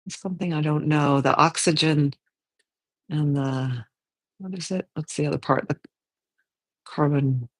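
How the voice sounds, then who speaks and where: Gentle yoga teacher thinking aloud. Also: mid-range voice. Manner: gentle, unhurried, thinks aloud and corrects themself. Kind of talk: guided yoga and meditation class.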